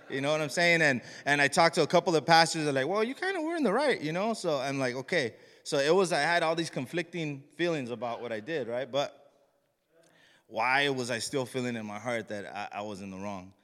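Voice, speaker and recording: A man's voice: mid-range voice, a bit bright. Man giving a rambling testimony in a hall. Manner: rambling and casual, many restarts, slangy. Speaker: church member sharing a testimony. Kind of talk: personal testimony. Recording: long hall reverb.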